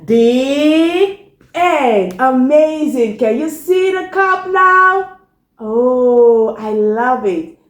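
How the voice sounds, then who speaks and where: A woman's voice: high-pitched, lively intonation, drawn-out words, echoey room. A woman reading a story aloud to young children in a sing-song, exclaiming way, often stopping to ask the listener questions. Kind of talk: animated read-aloud storytime.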